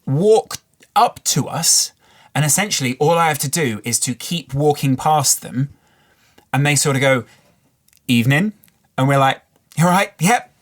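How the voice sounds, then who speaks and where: A man's voice: mid-range voice, normal speed. A man from the English Midlands, co-hosting a podcast and telling a long rambling story in casual chat. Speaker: podcast co-host. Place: podcast studio.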